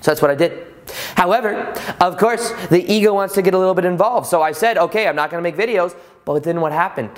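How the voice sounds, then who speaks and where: A man with a slightly raised speaking pitch talks in an easygoing, conversational way. He tells his story with rhetorical questions and loose restarts, like a podcast host chatting with his listeners. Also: quick pace. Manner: relaxed, repeats himself and restarts often. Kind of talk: casual motivational talk.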